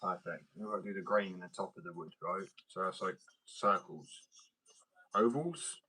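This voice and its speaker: A man's voice: sits low, flat delivery, a little fast, pushed and bright, a little hiss or hum, rough recording. A man with a slight Australian twang chatting loosely and rambling as he works on a wood engraving, swearing freely along the way. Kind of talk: casual rambling chat while crafting.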